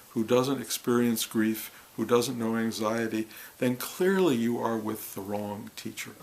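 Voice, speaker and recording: Guy giving a heartfelt spiritual talk to a crowd, slow halting phrases, mid pitch, a little room hiss. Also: low-quality recording. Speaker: spiritual teacher. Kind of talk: reflective spiritual talk to a gathering.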